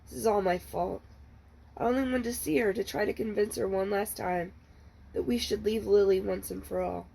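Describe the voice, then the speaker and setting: A woman librarian reads a novel's first chapter aloud in a steady, measured storytelling manner. Her voice is medium-pitched with vocal fry, and the low-quality recording carries slight background noise.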